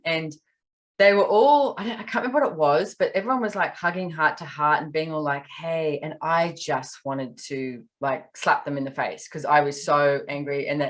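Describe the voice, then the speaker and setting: An Australian woman in casual podcast conversation, telling animated stories and acting out what people said. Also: low voice. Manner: animated storyteller, acts out quotes. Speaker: podcast guest.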